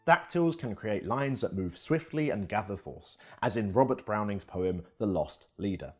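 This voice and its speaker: A man's voice: fairly low pitch, lively intonation, moderate pace, breathy edge, soft background music. A man giving scripted educational narration, reading expressively.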